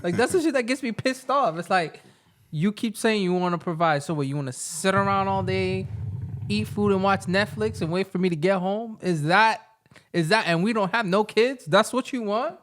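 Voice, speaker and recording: A man with a high voice co-hosting a podcast. He rants bluntly and with exasperation, and he swears a lot. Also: moderate pace, a bit bright. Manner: blunt, exasperated ranting with profanity. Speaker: podcast co-host. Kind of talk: casual chat.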